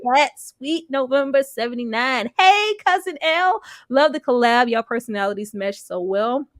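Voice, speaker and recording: Casual stream host: a woman, slightly high voice, reading chat aloud and laughing, dry close sound. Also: steady tone, normal speed, dry recording. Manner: reads chat comments aloud, laughs often.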